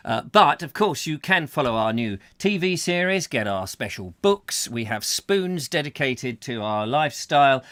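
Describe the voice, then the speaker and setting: Rambling man with a lively voice. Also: mid-range voice, unhurried, hardly any pauses. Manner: rambling, silly, breaks into songs and voices. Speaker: host. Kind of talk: casual chat reading comments.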